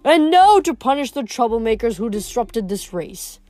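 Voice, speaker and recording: A woman's voice: fairly high pitch, very animated, normal speed, darkish tone, faint music behind. A woman reading aloud, voicing a sly scheming man who runs a camp, in a mock-cheerful announcing tone. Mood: smug.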